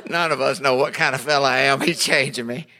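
A male pastor tells a sermon story in a folksy, joking way. His voice is bright and forceful, and he jumps into quick impressions of the people he describes. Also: medium pitch. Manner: folksy and humorous, acts out voices in his stories.

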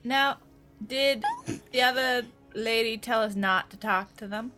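A woman's voice: on the high side, unhurried, sharp tone, soft background music. A young woman playing in a tabletop game, eager and playful as she declares her moves. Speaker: player.

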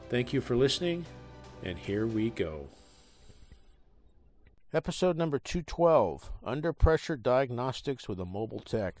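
Hiccuping throughout, a man with a mid-range voice hosts a podcast and reads a trade article aloud. His delivery is casual and halting, full of fillers.

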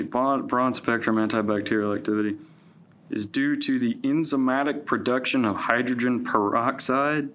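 A man's voice: fairly low pitch, a bit bright. A man co-host in casual chat, hesitant and repeating words as he thinks aloud. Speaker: podcast co-host.

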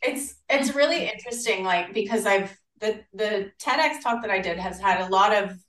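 An Australian woman chatting as a podcast guest, animated and acting out the voices of people she quotes. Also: lowish voice. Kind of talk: casual interview chat. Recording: roomy, distant from the mic.

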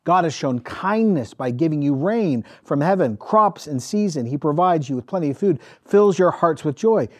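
Animated male pastor preaching. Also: on the high side, normal speed, few pauses. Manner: animated, emphatic storytelling. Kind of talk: sermon.

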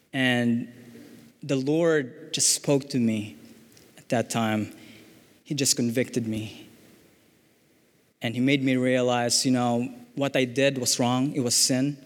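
A young man sharing a personal testimony in church, speaking earnestly and haltingly with fillers and restarts. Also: medium pitch, big-room sound.

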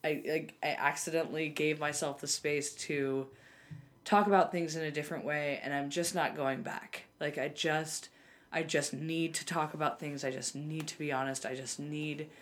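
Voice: medium pitch, fairly bright tone, a little hiss or hum. A podcast co-host talking candidly and earnestly, rambling with lots of fillers and restarts. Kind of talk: candid casual chat.

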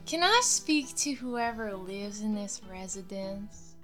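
A woman playing a tabletop game who speaks very slowly, with a higher voice. She plays her character hesitantly, stopping and restarting. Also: fairly even intonation, bright, forceful tone, faint music behind. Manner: hesitant, halting. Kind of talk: in-character role-play.

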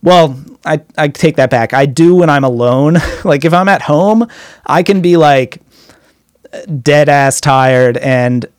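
A young man in his twenties casually telling rambling stories about drumming and touring, swearing freely and getting excited in asides. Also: a little high, takes it slowly, smooth, no room sound, studio quality. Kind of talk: casual storytelling.

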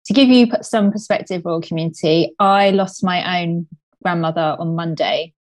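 A woman's voice: lowish voice, moderate pace. Laughing woman co-host. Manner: emotional, laughs often. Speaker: podcast co-host. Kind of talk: casual chat.

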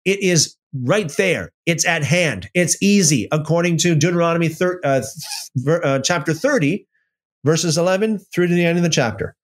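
A man giving informal Bible teaching in an emphatic, animated way, often restarting and using fillers. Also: on the high side, normal speed.

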